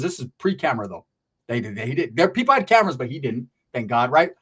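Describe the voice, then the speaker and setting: A man's voice: medium pitch, big pitch swings, quick pace, fairly bright tone, husky. A man telling a rambling, profane story in a streetwise way, often checking in with "right?".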